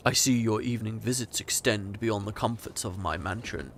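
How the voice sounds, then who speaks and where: A man voicing a menacing shadowy mansion owner in a read-aloud romance, low and quiet. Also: moderate pace, slight background noise.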